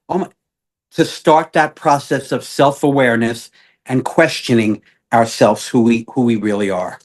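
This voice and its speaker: A man's voice: mid-range voice, moderate pace. A man, a guest coach, earnestly telling an emotional personal story with many fillers and restarts. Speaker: guest, self-awareness coach.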